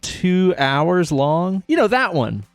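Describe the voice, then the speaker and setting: A man's voice: high voice, sing-song, takes it slowly, no echo, faint music behind. A man co-hosting a podcast in casual chat, enthusiastic and swearing freely as he eagerly recommends things. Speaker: podcast co-host.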